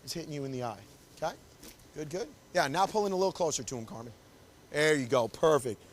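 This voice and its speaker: Male photographer-instructor, high-pitched, encouraging, keeps directing poses on a body mic. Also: lively intonation, quick pace, slight background noise. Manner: upbeat, coaxing, directs the couple constantly. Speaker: wedding photographer teaching. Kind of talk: live posing demonstration. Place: confined indoor shooting space.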